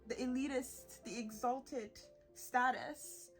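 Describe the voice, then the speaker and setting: A woman in her twenties hosting a solo podcast, animated and sarcastic, laughing often and slipping into mocking voices. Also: high-pitched, takes it slowly, faint music behind. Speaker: podcast host.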